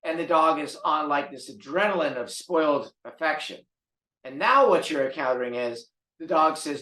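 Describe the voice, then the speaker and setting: Man, dog trainer, podcast monologue; somewhat raised pitch, emphatic delivery with repeated words, roomy echo. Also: animated, normal speed, pushed and bright.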